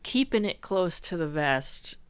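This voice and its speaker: A woman co-hosting a podcast in casual chat, answering with measured, agreeable remarks. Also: on the low side, expressive, smooth. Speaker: podcast co-host.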